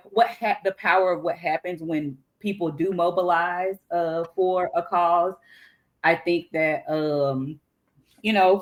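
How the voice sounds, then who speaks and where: A woman with a Southern US accent co-hosting a podcast, chatting in a casual, colloquial way and often breaking off mid-thought. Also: on the low side. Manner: chatty, colloquial, self-interrupting. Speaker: podcast co-host.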